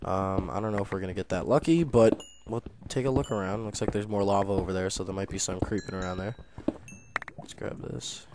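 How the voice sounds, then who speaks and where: A man's voice: on the low side, moderate pace, pauses often. Jumpy young man narrating his gameplay. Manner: nervous, excitable, swings between mutters and loud exclamations. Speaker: gaming YouTuber. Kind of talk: let's play commentary.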